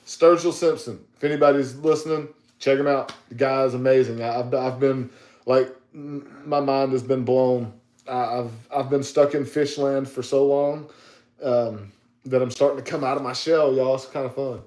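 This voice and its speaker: A man's voice: medium pitch, fairly even intonation, normal speed, a little mellow, reverberant. A man, co-hosting a podcast in casual chat, stammering and repeating words. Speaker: podcast co-host.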